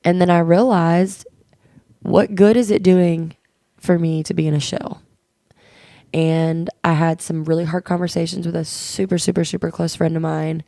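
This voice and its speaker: A woman's voice: lowish voice, flat delivery, moderate pace, creaky, dark tone, no echo, studio quality. A woman co-hosting a podcast, talking candidly and earnestly in casual chat, telling stories and quoting conversations. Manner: earnest, open storytelling with quoted dialogue. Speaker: podcast co-host.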